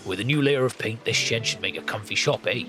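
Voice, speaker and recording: Game voice: a man playing a homely old seaside man, low and unhurried, rambling on about his shed. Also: music in the background, natural voice. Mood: chatty. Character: old male seaside shed keeper, chatty.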